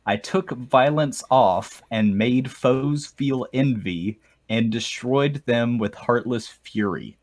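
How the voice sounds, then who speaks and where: A man's voice: mid-range voice, takes it slowly, hardly any pauses. A young man co-hosting a casual podcast, chatting and reading aloud while breaking into laughter. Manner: reads aloud with bursts of laughter. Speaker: podcast co-host.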